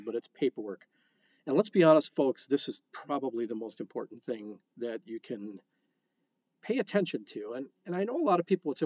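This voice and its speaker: A man's voice: mid-range voice, lively intonation, fairly quick, breathy edge, no echo, lo-fi sound. A man hosting a real estate podcast, talking frankly and conversationally, with frequent fillers and restarts. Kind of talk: podcast monologue.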